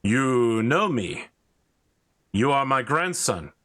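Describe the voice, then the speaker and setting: A man's voice: mid-range voice, expressive, takes it slowly, pushed and bright. A man voicing a proud, stern middle-aged knight who speaks in formal, old-fashioned phrases.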